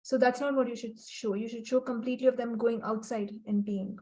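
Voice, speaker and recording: A woman's voice: on the high side, steady tone, fairly quick, warm tone, poor audio. A middle-aged woman leading a group call as facilitator, teaching earnestly, repeating her points and acting out quoted lines. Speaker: facilitator of a healing book club call.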